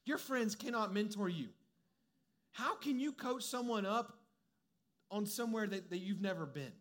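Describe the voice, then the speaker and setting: A man's voice: high-pitched, lively intonation, normal speed, fairly bright tone. A young adult man giving a conversational, humorous sermon as a preacher, mixing personal stories with direct advice.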